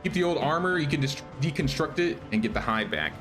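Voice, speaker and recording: Music plays behind a slightly high, expressive male voice that moves quickly. The speaker is a young streamer casually commenting live on a survival game, thinking aloud with lots of restarts.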